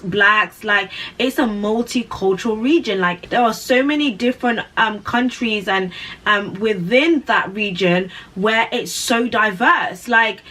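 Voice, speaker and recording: A woman vlogger giving her opinion in an animated way, with lots of "like" and rhetorical questions. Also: mid-range voice, far from the mic, rough recording. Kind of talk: opinion commentary.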